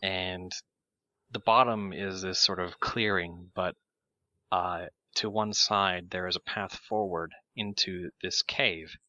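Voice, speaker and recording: A man running a tabletop game as game master, describing scenes haltingly with many pauses and fillers. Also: sits low, steady tone, sharp tone, no room sound, highs cut off.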